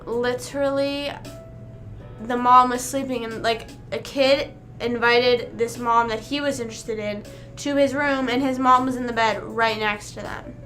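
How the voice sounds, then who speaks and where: A woman's voice: on the high side, fairly even intonation, a little slow, sharp tone, soft background music. A young woman livestreaming, rambling casually with lots of "like" fillers as she chats to her viewers. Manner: rambling, chatty, full of "like" fillers.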